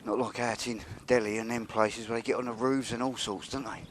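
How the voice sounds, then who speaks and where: A man's voice: mid-range voice, level tone, brisk. Chatty man walking outdoors. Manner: chatty, wry, drops to a mutter when sneaking. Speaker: vlogger walking and filming. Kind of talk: casual walking commentary. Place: outdoors by a railway yard. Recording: noisy outdoor recording.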